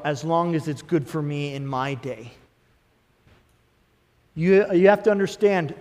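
A man in his thirties preaching a sermon as pastor, swinging between emphatic bursts and quieter asides. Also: fairly high pitch. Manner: preaching with rising emphatic bursts and acted inner voices. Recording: long hall reverb.

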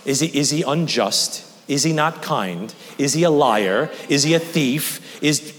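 A man preaching a sermon in a church, earnest and animated, his voice climbing high for emphasis. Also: a little slow, big-room sound. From Staten Island. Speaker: pastor.

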